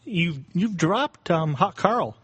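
A man's voice: sits high, expressive, slow, a bit bright, breathy edge, no room sound. A man co-hosting a podcast, eagerly explaining things and trying out in casual banter. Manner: explains eagerly, tries out accents with laughs. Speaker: podcast co-host.

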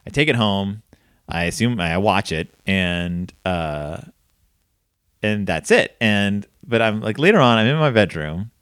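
Guy chatting about old movies on a podcast, super animated, dry mic. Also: lowish voice, a little slow, clear, resonant tone, no echo. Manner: animated storytelling, many fillers. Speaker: podcast host. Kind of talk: casual film discussion.

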